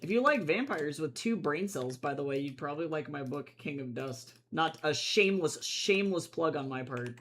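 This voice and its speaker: A young comic artist chatting through a casual drawing livestream. The voice jumps from loud, squealing excitement to low, self-mocking mutters. The speech sits in a middle pitch and stays jokey throughout. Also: normal speed, hardly any pauses, slight background noise.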